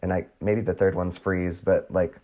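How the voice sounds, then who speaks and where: A man's voice: sits low, fairly even intonation, moderate pace, darkish tone, muffled recording. A man interviewing a guest in a casual chat, easygoing, asking questions and sharing short asides.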